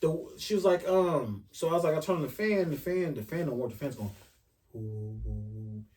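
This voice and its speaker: A man casually telling an animated, profane story on a podcast, acting out the dialogue as he goes. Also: on the high side, quick pace. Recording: voice a bit far from the mic.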